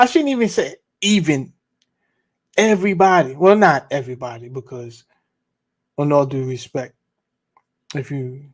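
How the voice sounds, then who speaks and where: A man hosting a podcast livestream, talking in a relaxed, casual, slangy way. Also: a little high. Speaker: podcast host.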